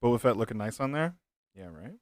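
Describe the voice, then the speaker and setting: A man's voice: medium pitch, sing-song, brisk, darkish tone, no echo, clean studio sound. A man in young adulthood chatting casually with viewers while building a keyboard, laid-back and joking, laughing often. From United States.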